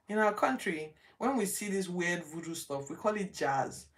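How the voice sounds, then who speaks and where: A woman's voice: normal speed, recorded from a distance, slight background noise. Woman from nigeria, Bible storytelling host, acts out voices, roomy echo, sits back from the mic. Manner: lively, acts out characters' lines with big pitch jumps. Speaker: host of a Bible reading show. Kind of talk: casual retelling of Bible stories. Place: home study.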